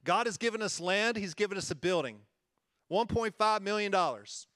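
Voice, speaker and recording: An earnest male pastor preaching in a loose, conversational way, with a fairly high voice. He talks folksy and sincere, chuckles easily and doubles back on his words. The sound is dry and close. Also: animated, moderate pace, a bit bright, no room sound. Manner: earnest and folksy, often chuckling and repeating himself. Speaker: church-planting pastor. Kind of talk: conversational sermon.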